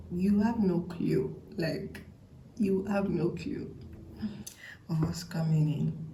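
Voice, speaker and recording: A woman giving a tarot reading to camera in a playful, chatty way, often dropping into a breathy half-whisper. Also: fairly low pitch, reverberant, noisy background. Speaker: tarot reader.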